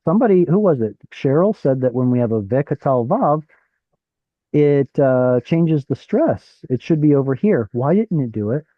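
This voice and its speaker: A man leads an online class over a video call, working through a text aloud and putting questions to his students. His voice sits at an ordinary pitch, and the call audio is dull and dry. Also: lively intonation, moderate pace, no echo. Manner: explains while thinking aloud, asks the class questions. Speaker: Hebrew teacher. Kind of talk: live online class teaching.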